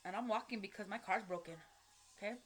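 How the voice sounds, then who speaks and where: Woman vlogger, mid-pitched voice, loose and rambling, heavy swearing and slang, faint music underneath. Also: fast talker. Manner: rambling, frequent swearing and slang, many fillers and self-corrections. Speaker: vlogger telling a personal story. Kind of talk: casual spoken storytelling.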